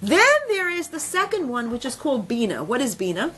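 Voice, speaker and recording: A woman teaching a women's religious class, telling a story in an animated, chatty way with many fillers. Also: on the high side, a little fast, slight background noise. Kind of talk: storytelling lesson.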